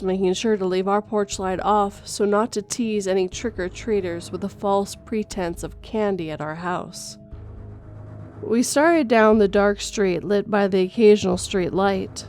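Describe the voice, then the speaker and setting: A woman reading a first-person horror story in a steady storytelling voice, going gentle for a mother's lines. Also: mid-range voice. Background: faint music.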